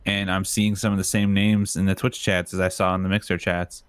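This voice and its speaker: A male streamer talking casually in a fairly low voice. He is laid-back and blunt, dropping swear words offhandedly. The recording is dry and close. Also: level tone, brisk, clear, resonant tone, dry recording. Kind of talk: casual chat.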